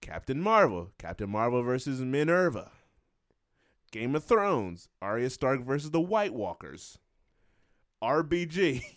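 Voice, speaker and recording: A man co-hosting a relaxed podcast chat, his voice rising and falling a lot as he reads through lists in a playful, joking way. He laughs often. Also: mid-range voice, measured pace, dry recording, clean studio sound. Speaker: podcast co-host.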